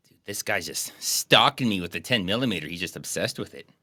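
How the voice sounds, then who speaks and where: A man's voice: low-pitched, expressive, fairly quick, bright, forceful tone, dry recording. A young man hosting a podcast, chatting casually about a movie in a laid-back, dry way. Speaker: podcast host. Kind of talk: casual chat reviewing a movie.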